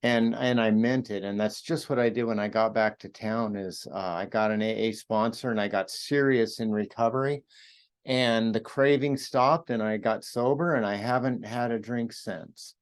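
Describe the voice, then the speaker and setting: A man's voice: fairly low pitch, fairly even intonation, normal speed, clear, resonant tone. Earnest man telling his own story. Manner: earnest, reflective, with frequent fillers and restarts. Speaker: podcast host and author sharing his recovery story. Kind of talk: personal storytelling in an interview.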